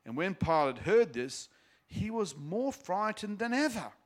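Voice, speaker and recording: A man's voice: sits high, big pitch swings, unhurried. Casual man reading scripture with commentary. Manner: casual, explanatory asides. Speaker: Bible teacher.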